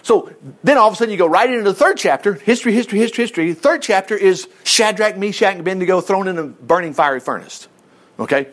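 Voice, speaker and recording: A man's voice: high-pitched, expressive, fast talker, a bit bright. A man teaching a Bible chapter in a loose, rambling way, laughing often and acting out the quotes. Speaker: preacher.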